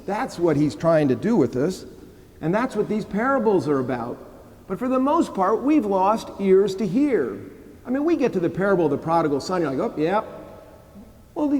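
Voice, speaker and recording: Storytelling priest with a ringing church echo. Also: male voice, on the high side, warm tone. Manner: conversational storytelling, humorous, frequent "right?" asides. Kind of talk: sermon. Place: church sanctuary. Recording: long church reverb.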